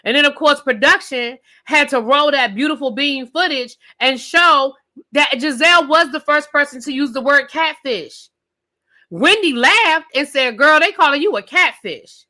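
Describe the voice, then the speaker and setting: A woman's voice: sits high, measured pace, sharp tone. A woman reviewing a reality TV show on a live stream, ranting with emphatic, profane commentary and talking straight to her viewers. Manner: direct address to viewers.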